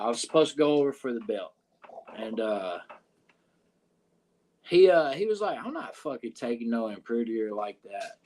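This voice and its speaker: A man's voice: mid-range voice, fairly bright tone. A man with a Southern US accent telling a locker-room story in a podcast interview, cursing often and rambling with fillers. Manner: profane, rambling, frequent "uh" and "you know what I'm saying". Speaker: wrestler guest.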